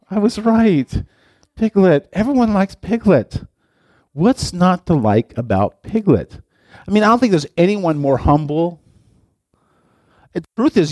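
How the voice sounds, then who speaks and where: Delivered in a dark, mid-range voice, this casual sermon comes from a middle-aged pastor who jokes around and addresses his listeners directly. The sound is dry and clean, like a studio.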